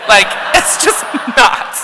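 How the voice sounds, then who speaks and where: A woman's voice: takes it slowly, over a noisy crowd, heavy background noise. A woman telling a wry, funny story on a live stage, often laughing as she talks. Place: stage in a large hall. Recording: reverberant live hall.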